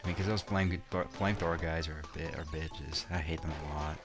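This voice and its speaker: A young let's play commentator talks over game music about his own gameplay in a rumbling low voice, steady in tone and fairly quick. He rambles with plenty of fillers and restarts and drops some crude words.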